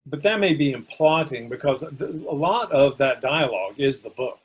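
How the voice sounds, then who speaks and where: A man's voice: medium pitch, expressive, normal speed, husky. Meandering, thoughtful podcast man. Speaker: podcast co-host. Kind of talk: casual film discussion.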